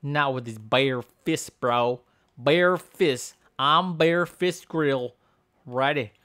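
A man voicing Bob, a boastful, goofy male strongman who smashes buildings in a video game, with shouty brags and childish jokes. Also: mid-range voice, takes it slowly. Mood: rowdy. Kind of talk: comedic game character voiceover.

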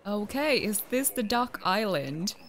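Slow-talking young woman commenting on a game. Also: medium pitch, vocal fry. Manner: expressive, dramatic reactions; chatty, talks to viewers. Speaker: gaming YouTuber. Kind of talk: casual gameplay commentary.

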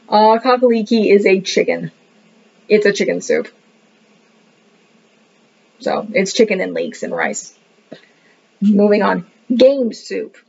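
Gravelly, animated woman reviewing a book. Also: mid-range voice. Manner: rambling, thinking aloud, says "what the heck" a lot. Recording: dull lo-fi recording.

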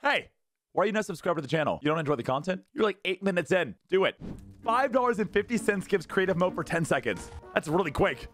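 A young man streaming a modded game and talking to his chat, frantic, repeating himself and often shouting. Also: high-pitched, animated, fast. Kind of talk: excited gameplay commentary. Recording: music playing clearly under the voice.

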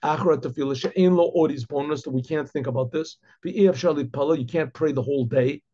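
A man, a rabbi giving a Torah class, translating Hebrew lines and explaining them, with frequent restarts and throat-clearing. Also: on the high side, fairly quick, dark tone. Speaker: rabbi teaching Chassidic text. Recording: dull lo-fi recording.

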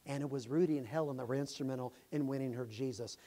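A pastor preaching a sermon, impassioned and rising to shouts. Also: male voice, medium pitch, fast talker, slight background noise. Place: church sanctuary.

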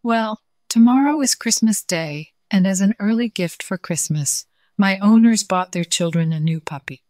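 A woman's voice: medium pitch, normal speed, no room sound, studio quality, lightly acted. A woman voicing a small old male dog who is sheepish, sad and wise, in a children's storybook reading. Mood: wistful. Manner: soft, sheepish, wistful.

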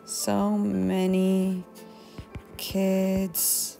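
A woman teacher talks slowly to herself while writing, musing over each phrase. Her voice sits low and mellow with a gravelly edge. Soft music plays faintly behind her. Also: expressive. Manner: slow, musing, talks to herself as she writes. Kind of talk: thinking aloud while writing a journal demo.

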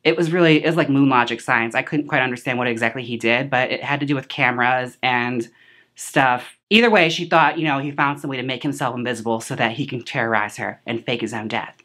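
A woman's voice: extremely low pitch, brisk, a bit bright. A woman hosting a casual movie recap, chatty and sassy, full of filler words and side remarks. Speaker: host reviewing a film.

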